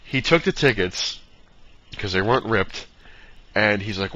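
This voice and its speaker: Rambling man with a bright lo-fi sound. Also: lowish voice, lively intonation, normal speed. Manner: rambling, fillers, mimics dad in quotes. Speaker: vlogger. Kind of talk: casual rambling storytelling. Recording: dull lo-fi sound with faint noise.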